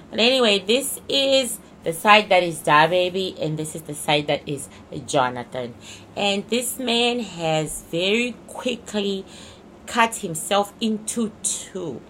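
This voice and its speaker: A woman with a low-pitched but bright, forceful voice talks through a casual card reading. She speaks emphatically and keeps circling back to restate her points. A faint hiss sits under her voice. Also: expressive, measured pace. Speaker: psychic reader.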